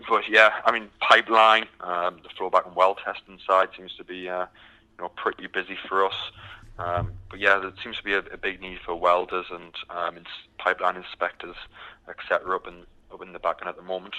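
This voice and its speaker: A man's voice: deep voice, poor audio. A man from the UK with a British accent, answering interview questions casually with many ums. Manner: relaxed, many ums and restarts. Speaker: recruitment company guest.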